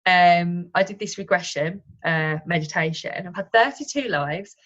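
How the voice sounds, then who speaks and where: A woman with a somewhat low voice tells personal stories as an interview guest, often stopping and restarting her sentences. Her audio is dull and lo-fi, like a remote call. She talks in a casual, conversational way. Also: moderate pace, a bit bright. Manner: storytelling, self-correcting, frequent restarts. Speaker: guest, wellness coach and Reiki practitioner.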